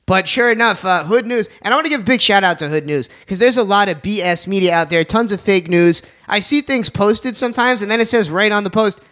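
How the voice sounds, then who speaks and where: A man's voice: sits high, fairly bright tone. A man hosting a casual radio talk show, joking around and plugging sponsors. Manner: jokey, plugs sponsors, fast asides.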